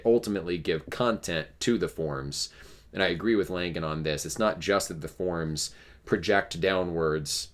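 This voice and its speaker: A man hosting a casual philosophical discussion, explaining ideas in a thoughtful, searching way with frequent restarts. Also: low-pitched. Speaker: podcast host.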